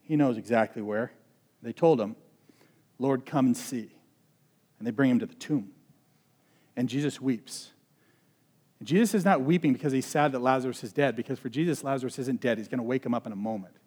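A man preaching a conversational sermon. He swings between loud emphasis and hushed intensity and often says "like". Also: mid-range voice, a little fast, breathy edge. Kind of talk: expository sermon.

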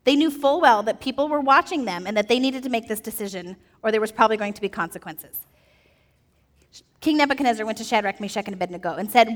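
A woman telling a Bible story to children in a lively, playful way, asking them questions as she goes. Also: fairly high pitch, fast talker, in a large hall. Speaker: children's message teacher.

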